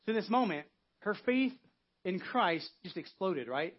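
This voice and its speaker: A man's voice: high-pitched, lively intonation, measured pace, slightly rough, muffled recording. A man preaching an Easter sermon as pastor in a conversational way, acting out biblical quotes. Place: church.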